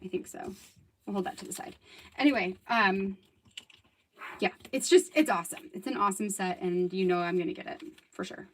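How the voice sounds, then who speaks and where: A woman's voice: medium pitch, a little fast, pauses often. A woman in her thirties chatting casually while crafting on a livestream, rambling and laughing often. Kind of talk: casual live crafting chat.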